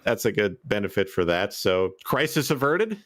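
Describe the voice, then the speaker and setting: Male racing analyst, lower voice, dry close sound, relaxed chatty delivery. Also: moderate pace, no echo. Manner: chatty, laughs often. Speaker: color commentator. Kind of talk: sim racing broadcast commentary.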